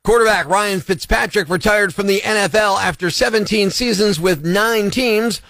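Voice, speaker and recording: A man's voice: high-pitched, moderate pace, vocal fry, fairly bright tone, no room sound. A man hosting a morning radio show, wisecracking and ranting with energy between caller calls. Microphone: studio mic.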